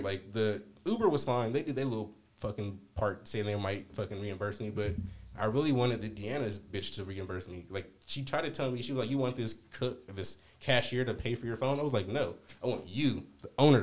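A man's voice: fairly low pitch, fairly quick. A man hosting a podcast, telling a story in casual, profane talk and acting out both sides of the argument. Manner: animated, profane, quoting himself and others. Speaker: podcast host.

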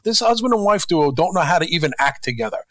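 A man's voice: on the high side, big pitch swings, fast talker, a bit bright, dry recording. A man co-hosting a podcast, ranting bluntly and profanely in casual chat. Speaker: co-host.

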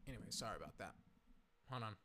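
A hoarse young man giving casual, rambling live commentary on a basketball game, full of fillers and swearing. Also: lowish voice, animated, fast talker, bright, forceful tone.

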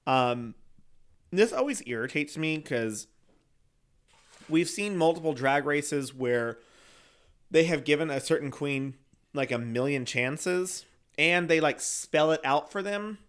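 Male co-host, casual chatty recap, smooth resonant tone. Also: on the high side, slow pace, pauses often. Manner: chatty, animated, laughs often. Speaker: podcast co-host.

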